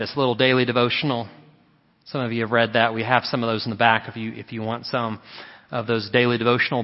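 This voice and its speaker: A man pastor preaching a sermon in a church, telling stories in an animated way and acting out the quotes. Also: mid-range voice. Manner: animated storytelling with acted quotes. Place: church sanctuary. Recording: muffled sound with long hall reverb.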